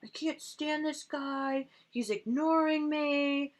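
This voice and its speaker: A woman voicing an upset man, complaining in a whiny, hushed tone. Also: sits high, steady tone, slow, pitched above the performer's own voice. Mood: aggrieved. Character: upset, hurt-feelings adult man.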